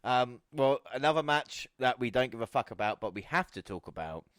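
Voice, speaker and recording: Man, mid-pitched voice, podcast co-host, casual, laughs a lot, swears. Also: animated, a little fast. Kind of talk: casual wrestling chat.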